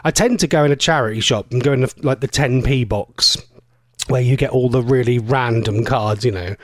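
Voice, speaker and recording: A man's voice: mid-range voice, no room sound. A man, a radio presenter telling long rambling stories in casual chat, full of fillers and self-corrections.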